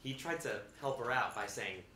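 A man's voice: mid-range voice, lively intonation, moderate pace, pushed and bright. A man performing a comic stage monologue in a theater, sardonic and full of character voices. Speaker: stage actor in a one-man show. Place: theater stage with live audience. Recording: roomy theater sound with noise.

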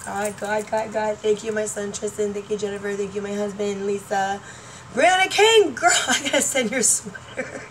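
A woman's voice: medium pitch, normal speed, hardly any pauses. Chatty woman vlogging from a distance. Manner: chatty, excitable, laughing often, trailing off. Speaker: YouTuber. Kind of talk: rambling casual vlog chat. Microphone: laptop webcam mic. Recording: distant mic, faint room noise.

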